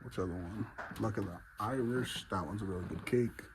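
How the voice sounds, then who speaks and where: Walking through a big fireworks store indoors, a man talks a little fast in a lowish voice, out of breath but enthusiastic in this casual vlog. Background noise is present throughout.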